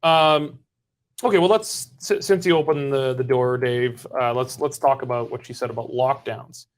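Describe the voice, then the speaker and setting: Male host, mid pitch, probing, presses with questions. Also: moderate pace. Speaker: political talk show host. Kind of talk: casual political panel discussion.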